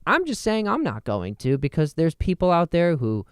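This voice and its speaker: Here a young adult podcast host talks at normal speed in a fairly high, smooth voice with huge pitch swings and no echo. His solo comedic monologue, delivered into a close mic, hops from thought to thought with rambling jokes and self-interruptions.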